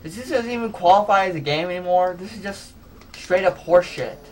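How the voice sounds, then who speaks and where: A man hosting a retro gaming show, commenting on his play, swearing, shouting and laughing in frustration. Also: sits high, fairly quick, a little hiss or hum. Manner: swearing, yelling and laughing in exasperation. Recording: faint music under voice.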